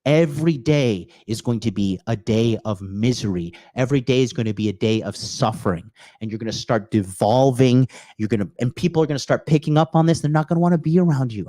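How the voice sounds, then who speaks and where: A man hosting a podcast, giving a blunt, crude, animated motivational rant full of swearing and acted-out quotes. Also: mid-range voice, fairly quick, no echo. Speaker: podcast host. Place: apartment or home in Tokyo.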